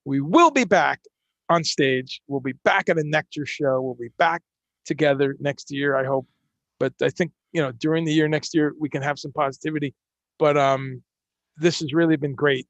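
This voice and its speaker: Chatty male host, gravelly and slightly high, dry close mic. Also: moderate pace, no echo. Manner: animated, chatty, many restarts. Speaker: podcast host. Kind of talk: casual interview chat.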